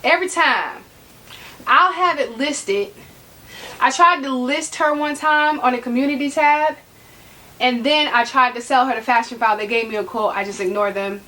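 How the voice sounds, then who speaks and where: A woman's voice: high-pitched, moderate pace, bright, forceful tone. A woman vlogging at home about her handbag collection, sassy and joking as she talks straight to her viewers. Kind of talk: casual talk to camera. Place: room at home.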